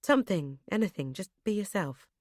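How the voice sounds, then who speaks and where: A woman voicing an impatient husband who turns gently caring, read in an audiobook. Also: medium pitch, expressive, brisk, no room sound, clean studio sound, lightly acted. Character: impatient, fussing husband, grown man.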